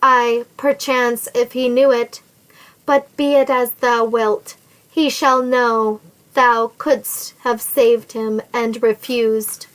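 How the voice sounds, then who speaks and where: Brief: vengeful sneering villain nobleman, woman reading, slow menacing delivery. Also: fairly high pitch, level tone, poor audio. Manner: sneering, menacing, archaic formal speech. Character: scheming, vengeful nobleman threatening a captive woman.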